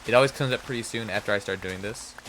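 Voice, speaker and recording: A man's voice: on the low side, fast, a bit bright, a little hiss or hum, poor audio. A man streaming a game, muttering to himself and trading mock-outraged jokes with his chat. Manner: mutters to himself while playing. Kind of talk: casual live game stream talk.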